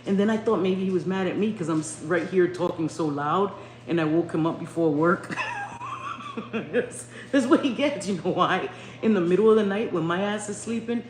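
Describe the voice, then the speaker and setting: A middle-aged woman chatting casually on a home live stream, loud and swearing, laughing a lot. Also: mid-range voice. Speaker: livestream host. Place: home bedroom at night. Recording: echoey room with faint noise.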